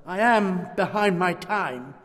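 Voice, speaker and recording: A man's voice: sits high, lively intonation, slow, fairly bright tone, full character voice. A man reading aloud, voicing a timid young male clerk who pleads and apologizes. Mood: apologetic. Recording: long hall reverb.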